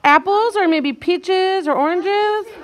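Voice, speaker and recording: This is a guided reading lesson for young children, led by a woman whose voice is bright and high. She encourages them with animated energy, slowing on tricky words to sound them out and prompting everyone to read along.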